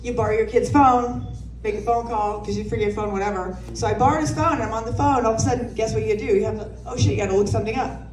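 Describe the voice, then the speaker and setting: A brash, profane stand-up comedian, a woman in her thirties, spins stories with a slightly high voice. The sound carries the echo of a club room, picked up from some distance away. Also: fast talker, background noise. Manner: brash, profane, storytelling with laughs. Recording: roomy sound from a distant mic.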